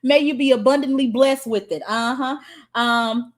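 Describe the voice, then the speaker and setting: A woman on a livestream preaching hard and cussing freely while she answers viewer comments. Her voice sits high and jumps around with lively energy. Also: a little slow. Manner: fiery, profane, preachy. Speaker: spiritual coach.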